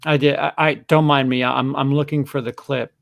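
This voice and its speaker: A man's voice: mid-range voice, level tone, moderate pace, creaky, a bit bright, no echo, studio quality. A man co-hosting a casual film chat, making sarcastic, joking asides. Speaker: co-host.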